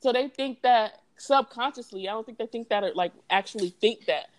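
A woman's voice: a little high, fairly quick. A woman in casual group chat as a podcast co-host, talking in a slangy, profane, emphatic way.

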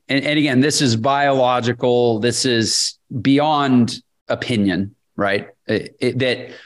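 A man in casual podcast chat with a middle-range voice. He talks reflectively and a bit haltingly, pausing and restarting as he works through a point. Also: medium pitch. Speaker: podcast co-host.

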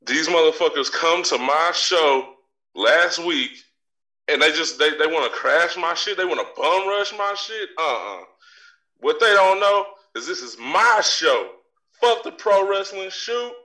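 A man's voice: on the high side, lively intonation, unhurried, bright, forceful tone. A man hosting a podcast, delivering a brash, profane, swaggering comedic rant. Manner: swaggering and profane, trash-talking. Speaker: podcast host. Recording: distant mic with faint crowd noise.

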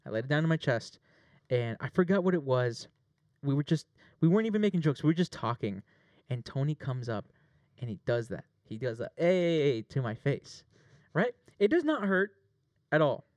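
A man's voice: medium pitch, moderate pace, no echo. A man telling a long story with jokes and swearing, playing a plaintiff in a mock trial. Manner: animated, swearing, jokey. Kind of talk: casual mock courtroom storytelling.

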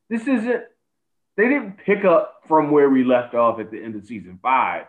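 A man's voice: mid-range voice, lively intonation, moderate pace. A man in casual chat, adding wry, sarcastic comments about a TV episode. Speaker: podcast co-host. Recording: tinny phone-like line.

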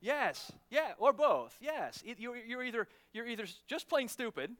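Animated high-voiced male preacher. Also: moderate pace. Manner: conversational, many restarts, repeated "right?"; lively, laughs with the congregation. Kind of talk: sermon.

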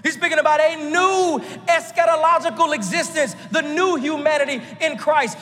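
A man from Texas, preaching a lively sermon from the pulpit with jokes and rising shouts. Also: very high-pitched, moderate pace, few pauses, long reverb tail. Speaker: pastor.

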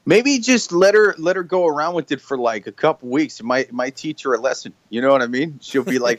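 A man's voice: fairly high pitch, lively intonation, fairly quick, hardly any pauses, dry recording, muffled recording. A man co-hosting a podcast, joining in with joking, sarcastic banter. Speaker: podcast co-host. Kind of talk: casual podcast chat.

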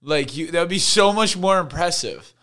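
A man's voice: on the high side, lively intonation, moderate pace, fairly bright tone. A young man guesting on a podcast in casual chat, slangy and swearing a lot, with many fillers.

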